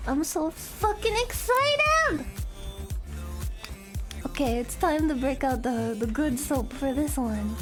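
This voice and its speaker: A woman streaming a game from her desk at home, excitable and giggly, swearing freely in casual chat. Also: sits high, slow pace, pauses often, over loud music.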